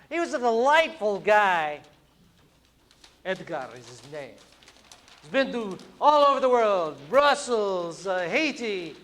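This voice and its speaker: A middle-aged cartoonist giving a humorous talk to an audience, playful and quick-witted with wry asides. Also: male voice, sits high, fairly bright tone. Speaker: cartoonist and speaker. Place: event hall before an audience.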